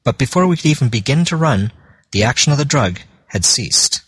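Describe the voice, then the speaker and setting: A man reading a classic story aloud as an audiobook narrator, in a measured storytelling manner. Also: medium pitch, expressive, a bit bright, husky, no echo. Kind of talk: scripted narration.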